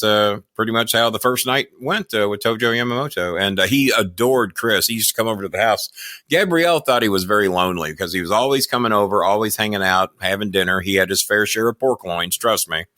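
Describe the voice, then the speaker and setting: Male podcast guest, lowish voice, loose swearing anecdotes, chuckling asides. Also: fairly quick, pushed and bright, no room sound, studio quality. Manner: rambling, profane, laughs through his stories. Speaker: podcast guest, wrestling manager. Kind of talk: casual storytelling interview.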